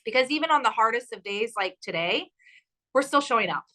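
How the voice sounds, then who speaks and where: Woman, podcast co-host, fairly high, bright voice, fervent motivational talk. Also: expressive, a little fast, poor audio. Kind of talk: casual chat.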